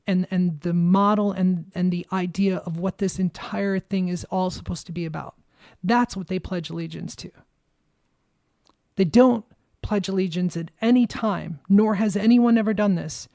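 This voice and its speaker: A woman's voice: medium pitch, gravelly, dark tone, no echo, clean studio sound. A woman hosting a podcast, delivering an angry, emphatic political monologue and swearing freely, shaking with anger as she speaks. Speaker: podcast host.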